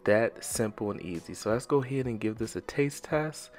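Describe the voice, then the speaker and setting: In his kitchen, a cooking channel host films a casual home vlog, tasting food and chatting enthusiastically straight to his viewers. His lowish voice is expressive and a little mellow, at normal speed, recorded on a handheld mic with faint music behind.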